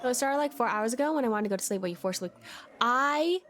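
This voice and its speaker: A woman's voice: a little high, expressive, fast, fairly bright tone, slight background noise. A young woman chats live with her viewers in a playful, giggly way. She talks close to a desk mic. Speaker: streamer. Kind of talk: live-stream chat while gaming.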